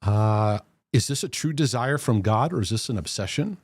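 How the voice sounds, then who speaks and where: A man's voice: mid-range voice, animated, normal speed, no echo, studio quality. A man hosting a Christian mental health livestream, chatting casually and reading out viewer comments, laughing easily between them. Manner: chatty, laughs easily, many fillers and restarts.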